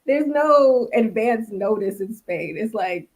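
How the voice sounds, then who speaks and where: Lively woman host, higher voice. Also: slow. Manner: lively, reads viewer questions, acts out quoted voices. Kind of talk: casual conversational interview.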